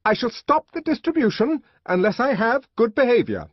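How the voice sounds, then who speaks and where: A man's voice: very high voice, sing-song, normal speed, no room sound, pitched above the performer's own voice, exaggerated voice. A man reading an audiobook, voicing a fussy young male official who barks orders and then placates. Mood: bossy. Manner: peremptory, then smoothly placating. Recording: dull lo-fi audiobook recording.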